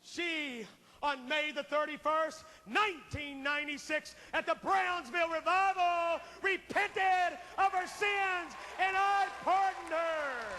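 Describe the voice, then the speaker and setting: A preacher voicing a solemn advocate in white. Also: male voice, very high voice, takes it slowly, sharp tone, pitched above the performer's own voice, full character voice. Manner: solemn, declaring. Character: calm male advocate in white pleading for a sinner.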